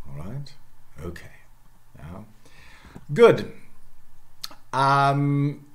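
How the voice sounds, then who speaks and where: A man giving a university lecture on historical phonology, slowly demonstrating word pronunciations and checking in with "okay?". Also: mid-range voice. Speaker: linguistics professor.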